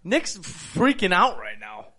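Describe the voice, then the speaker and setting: A man hosting a casual podcast, animated and hyped as he tells stories and banters. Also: high voice, takes it slowly. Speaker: podcast host.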